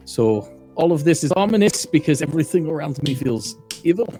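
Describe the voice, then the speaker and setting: A man voicing a formal adventurer who speaks in stiff, broken phrases, with soft music behind. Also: a little high, expressive, brisk, close to an everyday voice. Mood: solemn.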